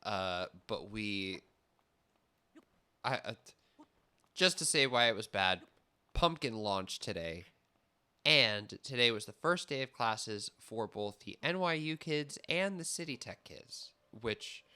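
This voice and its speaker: A man's voice: fairly low pitch, lively intonation, slow, pushed and bright, smooth. A young man streaming a game, chatting casually and rambling, often stopping himself mid-thought and laughing. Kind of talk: casual gameplay chat.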